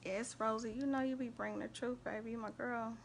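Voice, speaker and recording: A woman hosting a casual faith and relationship live stream, chatting animatedly and shouting out viewers by name. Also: on the high side, steady tone, a little fast, vocal fry, a little hiss or hum.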